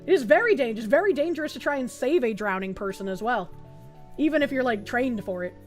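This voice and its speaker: A woman's voice: a little high, expressive, quick pace, faint music behind. A young adult woman streaming, chatting loosely through casual reaction commentary, swearing freely and reading chat messages aloud.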